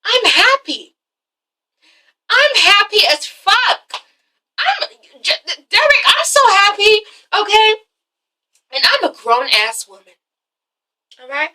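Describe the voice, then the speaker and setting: A woman's voice: sits high, big pitch swings, unhurried, sharp tone, far from the mic, full character voice, rough recording. A woman quoting a giddy young woman who insists emphatically that she is happy. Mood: insistent. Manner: emphatic, exclaiming.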